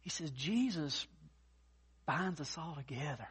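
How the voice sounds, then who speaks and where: A man preaching a sermon as pastor, folksy and expressive, with many fillers, swinging from soft to loud and acting out worried voices. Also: on the high side, unhurried, slightly rough. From mountain region.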